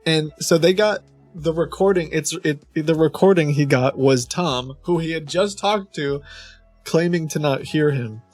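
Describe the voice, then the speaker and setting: A man's voice: fairly high pitch, measured pace, a little mellow, husky, faint music behind. A man hosting a stream, chatting casually and telling an amused story. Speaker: streamer host.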